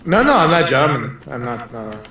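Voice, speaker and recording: A man's voice: mid-range voice, very animated, brisk, bright, forceful tone, lo-fi sound. A man calling into a talk show, chatting casually with many restarts and repeated words. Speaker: caller. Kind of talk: casual call-in chat. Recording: very echoey, distant from mic, faint noise.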